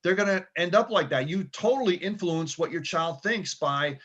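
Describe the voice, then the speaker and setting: A man's voice: high voice, moderate pace, fairly bright tone, dull audio. A middle-aged man giving a casual motivational talk, conversational and full of "okay" and "right". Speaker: motivational speaker.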